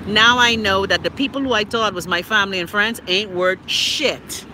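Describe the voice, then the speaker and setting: A Bahamian woman in her fifties with a Bahamian accent, hosting a casual livestream chat and ranting loudly with plenty of profanity, talking into a phone outdoors near traffic. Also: fairly high pitch, brisk, hardly any pauses. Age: 50s. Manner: loud, profane, animated ranting. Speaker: livestream host.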